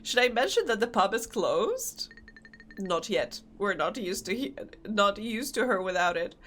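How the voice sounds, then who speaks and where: A young woman streaming a game live, chatting casually, excitable and often laughing. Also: mid-range voice, measured pace, faint music behind.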